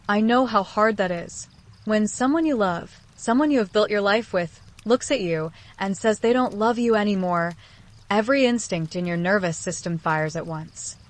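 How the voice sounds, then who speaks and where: A woman hosting a relationship psychology video, giving scripted self-help narration in a calm, earnest voice that speaks straight to the listener. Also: medium pitch.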